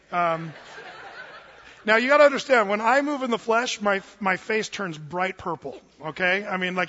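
A male pastor with a high, bright voice delivers an animated, confessional sermon full of personal storytelling. His voice carries through a large, reverberant church hall. The recording has a dull, muffled sound. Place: church sanctuary.

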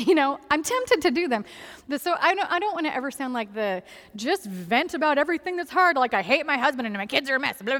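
A woman's voice: fairly high pitch, fairly bright tone. A middle-aged woman giving a candid personal faith testimony to a gathering, talking conversationally with frequent ums and small laughs. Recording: long hall reverb.

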